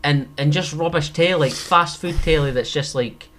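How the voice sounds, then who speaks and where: A man's voice: on the high side, moderate pace, fairly bright tone. A man co-hosting a podcast, rambling in casual chat and full of "like" fillers.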